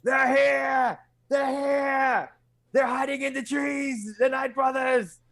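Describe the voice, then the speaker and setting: A bitter young outcast speaks in a raised, strained voice full of scorn, as a male player puts him on. The pitch sits noticeably high. The tone is urgent and resentful. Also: steady tone, unhurried. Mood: panicked shouting. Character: bitter young man from the wilds.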